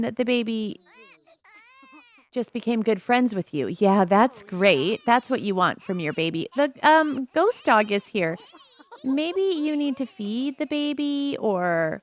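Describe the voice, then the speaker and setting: A woman chatting casually as she plays a life-simulation game, musing aloud with soft laughs. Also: a little high, very animated, takes it slowly. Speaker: gameplay commentator.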